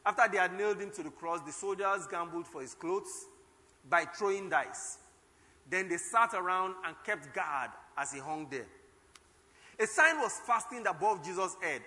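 A male preacher delivers a sermon, reading scripture with dramatic force and crying out the quoted lines. His voice sits high and sounds bright and forceful. A long reverb trails behind him, as in a large hall.

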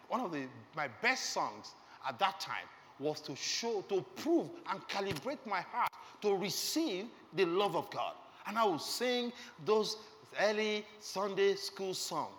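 Middle-aged man, heartfelt sermon testimony, very animated intonation, hall reverb. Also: high-pitched, a little slow. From Nigeria. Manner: earnest, emotional storytelling, asks the audience questions. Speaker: preacher. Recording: reverberant hall with faint background noise.

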